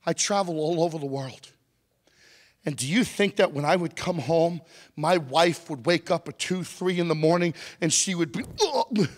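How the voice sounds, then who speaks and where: A man with a voice on the high side speaks at normal speed, spinning a funny story for a live audience as a motivational speaker. He's lively and jokey, poking fun at people in the crowd, with long reverb from the hall.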